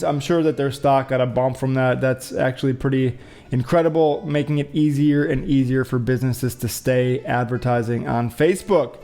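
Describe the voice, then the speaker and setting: A man's voice: medium pitch, dark tone. A man hosting a casual show, rambling and thinking aloud with joking asides as he reads out headlines. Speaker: show host. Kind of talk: casual commentary on window views and news.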